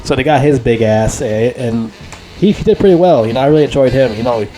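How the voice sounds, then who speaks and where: A man giving a casual, unscripted movie review, rambling and excitable, swearing freely and leaning on filler words. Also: medium pitch, fairly quick, faint music behind.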